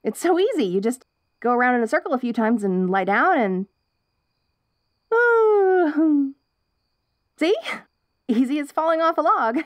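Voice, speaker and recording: A woman's voice: high voice, big pitch swings, a little slow, pauses often, dry recording. A young woman voicing a perky, curious wolf girl in an ASMR role-play, bubbly and giggly with restless chatter.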